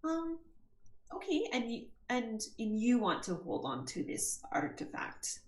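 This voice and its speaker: High-voiced woman player, lively pitch, hesitant in-character questions, roomy echo. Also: unhurried. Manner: hesitant, with many fillers. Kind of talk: in-character questioning at a game table.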